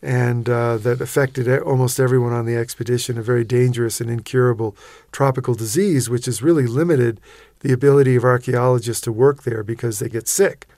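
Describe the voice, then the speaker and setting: A man recounting an expedition as an interview guest, his voice pitched in a middling range. He tells it vividly and with animation, stumbling into restarts as he goes. The studio sound is dry and close. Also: steady tone, fairly quick, mellow, dry recording. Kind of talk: storytelling in a radio interview.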